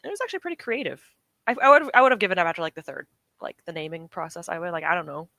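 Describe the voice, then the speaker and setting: Young uk woman chatting on stream, bright voice, dry close mic, rambles and keeps correcting herself. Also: lowish voice, big pitch swings, very fast, creaky, no room sound. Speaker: streamer reading chat comments. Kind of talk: casual live-stream chat.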